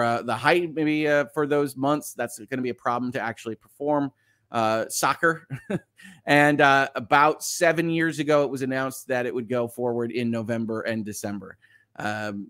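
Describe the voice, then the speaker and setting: A man's voice: medium pitch, a bit bright, no echo, clean studio sound. A man hosting a live-streamed news show, commenting on stories and reading viewer chat, hesitant, with many restarts and frequent chuckles. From United States.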